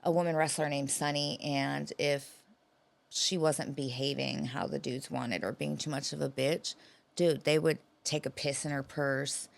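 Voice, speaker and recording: Podcast co-host, female, deep fry-heavy voice, cursing and rambling. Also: unhurried. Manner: profane, rambling storyteller. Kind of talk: casual chat.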